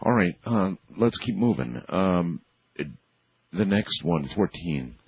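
A man hosting a radio talk show, chatty and quick to joke, asking his guests questions. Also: deep voice, sing-song, husky, dry recording, dull audio. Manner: chatty, asks questions, jokes and laughs easily.

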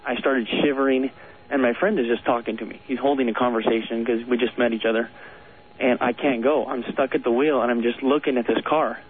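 A man of middle pitch calls in to a radio show and tells a long ghost story, earnest and rambling, with small nervous laughs. His voice is thin and tinny, squeezed through a phone line on the air. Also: steady tone, a little fast, slight background noise. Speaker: caller.

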